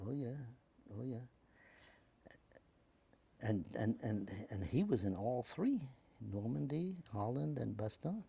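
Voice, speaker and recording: This veteran, an older American man with a New York accent, takes his time telling his memories in an oral history interview, leaving long pauses. His mid-range voice is creaky and slightly rough, and he animatedly voices the people he quotes.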